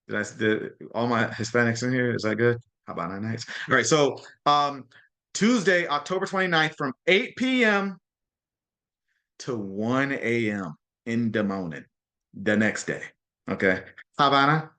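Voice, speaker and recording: Chatty man with a bright voice. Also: medium pitch, measured pace. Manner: chatty, keeps checking in with "okay?" and "right?"; frequent restarts and repeated words. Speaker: host of a mastermind call. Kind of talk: casual presentation on a group video call. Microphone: video call.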